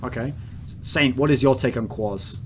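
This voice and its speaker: A man's voice: mid-range voice, moderate pace, a little hiss or hum. An English man hosting a casual podcast chat, blunt, provocative and crude in his questions. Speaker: podcast host.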